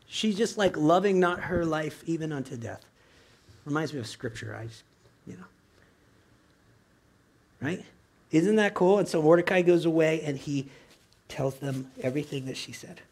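In a church, a male pastor preaches casually rather than orating, his darkish voice sitting on the high side, slightly above the usual male range. He keeps engaging listeners with quick rhetorical questions and asides.

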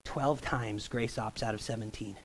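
A man's voice: lowish voice, fairly even intonation, normal speed, poor audio. A man pastor preaching a sermon in a church over a stage microphone, in a jokey, conversational manner that keeps checking in with the congregation. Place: church sanctuary.

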